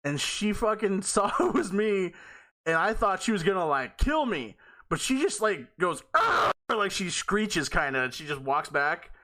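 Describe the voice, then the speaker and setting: A man's voice: high voice, animated, normal speed, bright, forceful tone. A man hosting a podcast, telling a rambling, profane story in casual talk and often laughing mid-sentence. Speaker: podcast host.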